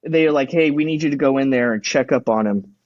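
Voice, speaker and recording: A man's voice: medium pitch, fast, a little mellow, no echo, muffled recording. A man in his thirties, a podcast guest, telling stories in casual chat, acting out quotes and swearing a lot.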